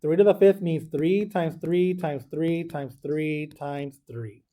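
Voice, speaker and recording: A man's voice: fairly high pitch, slow pace, mellow. A man teaching a math class, talking through arithmetic step by step and checking in with students. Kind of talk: classroom lesson.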